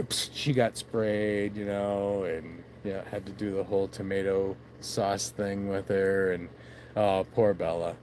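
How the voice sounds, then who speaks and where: A man's voice: sits low, level tone, a little slow, a little mellow, slight background noise. A man vlogging by his backyard shed late at night into his phone, rambling casually, swearing and laughing at himself.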